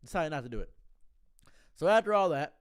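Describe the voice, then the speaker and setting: A man spinning a comedic story in a deadpan delivery, often stumbling over and repeating his first words. His slightly high voice swings widely in pitch, and he drops lower and quieter when he voices other people. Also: fairly quick, clean tone.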